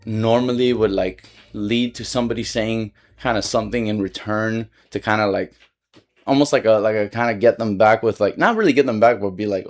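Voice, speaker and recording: A man's voice: fairly low pitch, fairly quick. A young man telling a personal story in a casual vlog, rambling and slangy, filling his talk with "like" and swearing freely.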